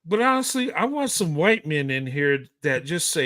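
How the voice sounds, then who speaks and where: A man's voice: fairly high pitch, big pitch swings, normal speed, few pauses, fairly bright tone. A man hosting a live show, talking with emphatic, blunt passion, stammering and restarting his sentences and swearing now and then. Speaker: show host. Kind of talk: impassioned live-show commentary.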